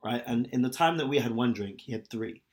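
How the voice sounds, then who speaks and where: A man's voice: mid-range voice, lively intonation, brisk, a little mellow. A man chatting casually as a podcast co-host, telling a long story with lots of fillers and restarts. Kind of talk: casual chat.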